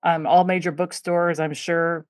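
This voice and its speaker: A woman's voice: lowish voice, level tone, a little slow, no room sound, clean studio sound. Chatty woman podcast host. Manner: chatty, storytelling, many fillers. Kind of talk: casual interview chat.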